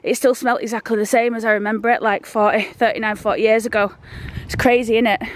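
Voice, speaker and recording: Talking fast in a flat voice on the high side, a woman vlogger walks outdoors through town, phone in hand. She's out of breath and rambles in a down-to-earth way, with slight background noise in this casual walk-and-talk vlog.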